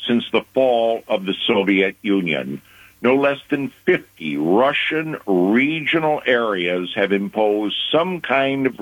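A man giving deliberate, measured foreign affairs commentary on a news program, pausing for emphasis. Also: fairly low pitch, no echo. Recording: phone-line radio audio.

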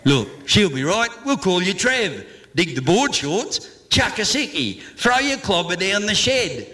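A man's voice: sits high, big pitch swings, a little slow, sharp tone, full character voice. A man voicing a brash, teasing young outback station woman in a comic verse. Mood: bossy.

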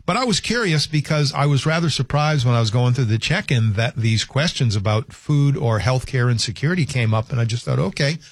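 A man's voice: mid-range voice, no echo. A man hosting a call-in radio talk show, chatting in a loose, rambling way with many restarts, speaking into a studio microphone.

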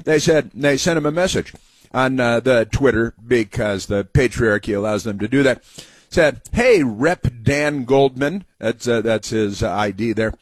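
Man, talk radio host, sarcastic, rambling, medium pitch, dry close mic. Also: measured pace, no echo. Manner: sarcastic, rambling with many fillers. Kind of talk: political talk monologue.

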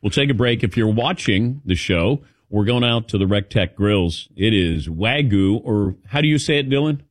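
A man hosting a sports talk show, asking questions with animated, halting delivery and repeated words. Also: on the low side, no room sound, clean studio sound. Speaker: sports radio host.

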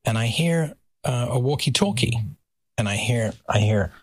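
A man telling a story as a podcast guest, animated and acting out voices. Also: mid-range voice, moderate pace, no room sound. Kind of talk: anecdotal storytelling.

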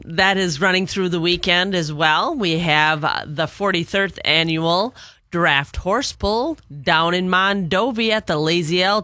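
Chatty male co-host, bright tone, dry close mic. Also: high-pitched, dry recording. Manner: chatty, reads listings, stumbles over place names. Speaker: radio co-host. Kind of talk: casual radio chat and event listings.

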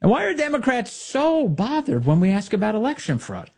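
Animated, sarcastic male talk host. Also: very high voice, brisk, vocal fry, husky. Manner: sarcastic and animated, mocking rhetorical questions. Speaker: political commentary host. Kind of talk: opinionated talk show monologue.

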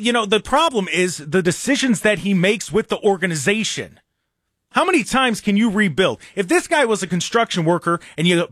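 A man rants about sports with heavy sarcasm, his voice swinging up high and down low as he talks. His pitch sits fairly high for a man. The sound is close and dry, with no room echo. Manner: animated and sarcastic, mocking others in put-on voices. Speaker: sports radio host. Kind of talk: opinionated sports rant.

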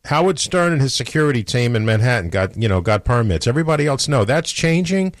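A middle-aged man with a New York accent, hosting a talk radio show in casual banter with quick joking asides. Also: medium pitch, sing-song, dry recording, clean studio sound. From New York City.

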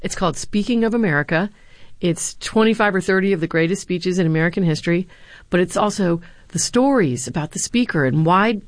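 A woman's voice: fairly low pitch, no room sound. Earnest woman telling stories in an interview. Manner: earnest, anecdotal, with occasional fillers. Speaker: former speechwriter and university lecturer. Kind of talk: interview answers, storytelling.

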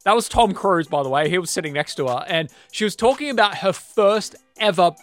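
A man hosting a radio segment, delivering entertainment news in a chatty, lively way. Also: sits high, brisk. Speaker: radio host. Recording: loud music bed under voice. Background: loud music.

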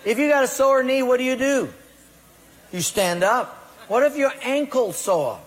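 A pastor with an extremely high-pitched, expressive voice preaches at an unhurried pace, recorded with long hall reverb. He delivers his sermon emphatically, acting out people's excuses and God's commands in quoted voices.

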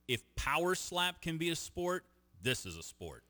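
Lively joking sports radio host, man. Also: fairly high pitch, moderate pace. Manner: joking, animated, reads promos. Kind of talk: casual sports radio chat.

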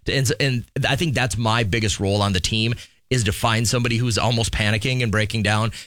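Brief: middle-aged man, co-host, relaxed talker, lowish voice, dry sound. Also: brisk, no room sound. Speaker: co-host and football coach. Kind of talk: casual chat.

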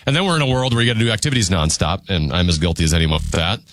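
A man co-hosting a radio show who shares his views in a measured, somewhat halting way. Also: sits low, fairly bright tone. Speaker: radio co-host. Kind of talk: casual on-air banter.

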